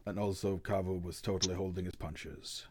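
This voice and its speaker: A man narrating as game master, talking slowly with many halting restarts and laughs. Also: sits low, steady tone, a little mellow, slightly rough. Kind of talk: narrating a tabletop game over voice chat.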